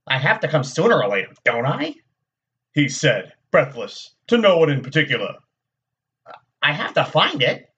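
A man's voice: mid-range voice, dull audio. A man reading a chapter of a fantasy novel aloud for a podcast, voicing the quoted lines as he goes. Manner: steady storytelling read with quoted dialogue. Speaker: guest reader.

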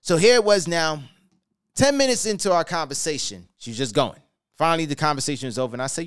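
A man's voice: on the high side, animated, quick pace, smooth, no echo, clean studio sound. Fired-up man giving a pep talk. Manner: hyped boxing-announcer pep talk, sing-song; casual, conversational storytelling. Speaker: podcast host. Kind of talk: motivational talk and storytelling.

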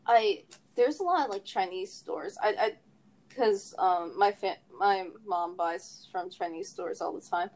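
A woman's voice: mid-range voice, measured pace, darkish tone. Young woman, casual chat, kinda dry teasing tone. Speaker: conversation partner.

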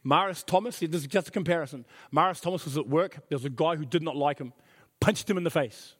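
Man, middle-aged pastor, earnest sermon, somewhat high voice, long hall reverb. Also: fast. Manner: earnest, emphatic, repeats key phrases.

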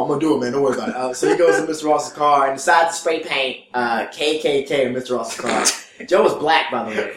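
A man's voice: reverberant, slight background noise. A young man, a stand-up comedian, telling a story in a casual interview, acting out the voices of the people in it and laughing often. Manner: animated, acts out quotes with big pitch jumps, laughs often.

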